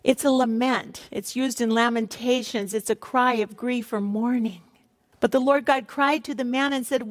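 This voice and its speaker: High-voiced impassioned woman teaching scripture. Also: long reverb tail. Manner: impassioned, acts out God crying out; drops low and quick when warning about sin. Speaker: Bible teacher. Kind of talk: sermon-style Bible teaching.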